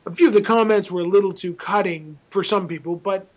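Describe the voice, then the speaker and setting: A man's voice: sits high, fairly quick. A man, a film director being interviewed as a guest, tells a long anecdote and acts out both sides of the conversations, with frequent restarts. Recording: dull lo-fi sound.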